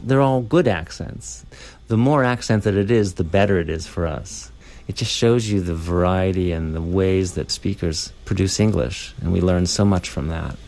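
A man's voice: low-pitched, normal speed, a little mellow. A man interviewed as an academic, talking casually and loosely with fillers.

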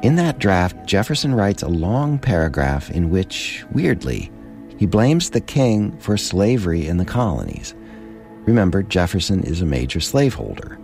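A man hosting a radio history documentary, giving measured, scripted narration. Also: low-pitched, big pitch swings, creaky, darkish tone, faint music behind.

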